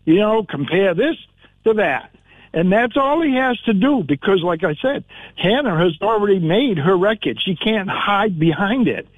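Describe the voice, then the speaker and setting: A man calls in to talk radio on a thin, phone-like line. He talks with folksy confidence and hammers his points home. His voice sits high and sounds dry. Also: lively intonation, normal speed, no room sound. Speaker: caller. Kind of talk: call-in radio chat.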